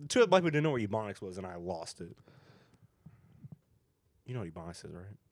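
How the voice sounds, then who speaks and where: A man's voice: low voice, quick pace, dry recording. A young man with an African American English accent, a podcast co-host, joking and swearing loosely in casual chat. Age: young adult. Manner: animated, joking, swearing, slangy.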